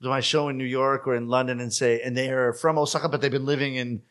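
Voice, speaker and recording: A man with a Canadian accent, a comic storyteller talking in an interview, lively and self-deprecating. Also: mid-range voice, fast. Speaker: rakugo performer. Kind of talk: conversational interview.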